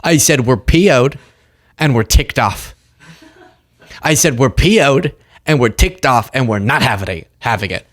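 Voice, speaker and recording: A toothless, blustering older senator, put on by a man swells with mock pomposity, proud of a sternly worded letter. The voice sits at a middle pitch. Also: animated, a little slow, long pauses. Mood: mock-indignant.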